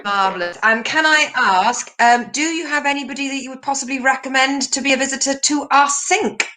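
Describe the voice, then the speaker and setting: A woman's voice: high voice, brisk, pushed and bright, slight background noise. A woman co-hosting a casual chat show over a video call, enthusiastic and teasing.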